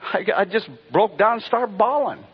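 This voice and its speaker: A man's voice: sits high, lively intonation, normal speed, slightly rough. A man preaching a sermon, telling rambling stories and asking the congregation rhetorical questions. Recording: dull lo-fi recording.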